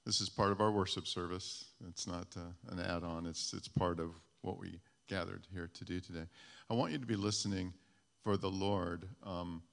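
A man calmly guiding a congregation through a time of prayer in a church, repeating key words for emphasis. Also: sits low, normal speed, gravelly. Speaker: pastor leading ministry time. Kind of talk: giving instructions to a congregation. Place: church sanctuary. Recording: long reverb of a church hall.

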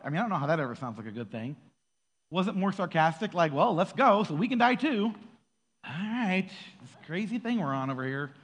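Animated man preaching in an echoey hall. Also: fairly high pitch. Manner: animated, acts out quoted voices, laughs often. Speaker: pastor. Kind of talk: casual sermon.

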